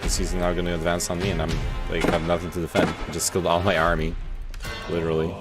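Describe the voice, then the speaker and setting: A man streaming a strategy game, chatting casually, excitable and swearing as he frets out loud. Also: low-pitched, fast, over loud music. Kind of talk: casual gaming chat.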